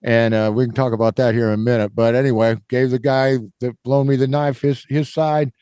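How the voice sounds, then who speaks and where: A man's voice: medium pitch, level tone, brisk, dark tone, clean tone, no echo, studio quality. A middle-aged man hosting a podcast and telling a rambling story, full of fillers and acting out the people in it. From Kansas, US. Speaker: podcast host. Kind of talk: casual storytelling.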